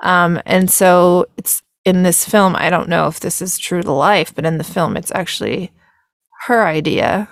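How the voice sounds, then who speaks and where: A woman's voice: fairly low pitch, unhurried, no room sound, studio quality. A tired woman hosting a casual film reaction video, rambling, laughing and correcting herself as she goes.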